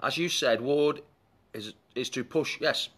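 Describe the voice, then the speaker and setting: A man's voice: medium pitch, measured pace, a bit bright. A man hosting a live fan chat show in a chatty, rambling way, breaking off to greet commenters.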